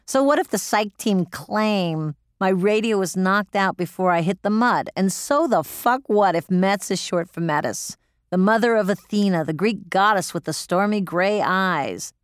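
A woman's voice: mid-range voice, expressive, a little slow, clean tone, no room sound, studio quality. A woman narrating in the first person as an audiobook reader, gritty, profane and emotional.

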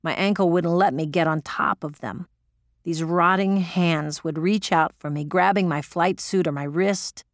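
A woman's voice: sits low, no echo, clean studio sound. A woman narrating in the first person as an audiobook reader, gritty, profane and emotional.

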